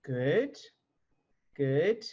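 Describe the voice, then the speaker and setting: A woman guiding a client through an emotional coaching exercise, gentle and explaining step by step. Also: low voice, sing-song, very slow, breathy edge, dull audio. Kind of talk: live online coaching session. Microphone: video call.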